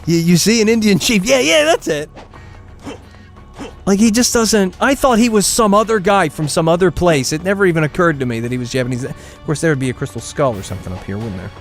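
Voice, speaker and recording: A man's voice: sits high, animated, fairly quick, faint music behind. A man streaming a game, rambling and ranting with frequent laughter and restarts. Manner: rambling, ranting, self-interrupting; laughs often, exaggerated complaints. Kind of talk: live gameplay commentary.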